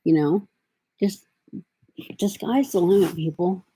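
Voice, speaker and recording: A woman's voice: fairly low pitch, slow, mellow, breathy edge, rough recording. A middle-aged woman talking to her camera in a rambling, casual way, drifting from thought to thought with lots of fillers. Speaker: vlogger. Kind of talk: casual vlog talk.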